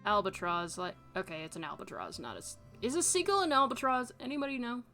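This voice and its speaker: A woman's voice: fairly high pitch, lively intonation, fast talker, bright, forceful tone, soft background music. A woman streamer giving casual gameplay commentary, chatty and self-amused as she thinks aloud.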